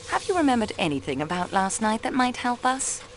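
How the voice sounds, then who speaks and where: Her pitch sits fairly high and her delivery is very animated and fairly quick, with a bit of background noise behind it. The performance is game voice work: a young woman voicing a poised, persistent sleuth, a railway clerk playing detective in a mystery title. She is sharp and cool, sprinkles French into her lines, and keeps a probing tone.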